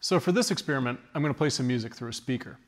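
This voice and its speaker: A man teaching audio engineering, explaining microphone patterns in a steady, clear way while he walks around the mic in a large recording studio. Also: mid-range voice, very fast. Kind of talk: studio demonstration lesson. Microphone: studio condenser mic at varying distance. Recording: roomy studio reverb, voice moving off-mic.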